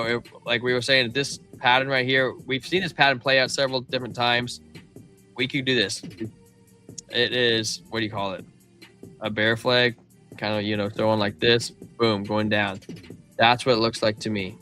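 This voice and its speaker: A man's voice: mid-range voice, sharp tone. A man hosting a live crypto stream, talking through price charts and reading viewers' chat in a casual, slangy way. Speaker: crypto livestream host.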